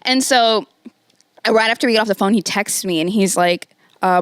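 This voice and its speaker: A woman in her thirties co-hosting a podcast, telling a long story in an animated, casual way, full of "like" and swearing. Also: medium pitch, moderate pace, clean tone, dry recording, clean studio sound. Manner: animated, heavy on "like", swears freely. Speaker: podcast co-host.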